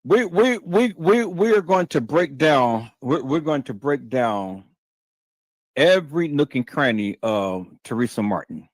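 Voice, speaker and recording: Animated man ranting on a livestream. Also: a little high, unhurried, no echo. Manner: repetitive, stammering restarts, emphatic and profane. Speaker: livestream host. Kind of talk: heated livestream commentary.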